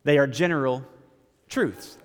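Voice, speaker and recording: A man's voice: mid-range voice, a little slow, in a large hall. A man preaching a sermon as pastor, in a conversational style, repeating phrases and stammering now and then.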